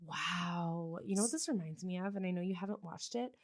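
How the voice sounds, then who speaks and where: A woman co-hosting a casual podcast, reacting with quick exclamations and a chatty, valley-girl "like" manner. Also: lowish voice. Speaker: podcast co-host listener.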